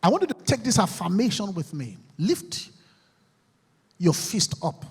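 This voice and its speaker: Guy giving a fired-up talk, high lively voice, husky edge, big echoey hall. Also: unhurried. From Nigeria. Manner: preacherly, leads call-and-response affirmations. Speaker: motivational speaker. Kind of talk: rousing speech to a university crowd. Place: large university auditorium. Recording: echoey hall with long reverb.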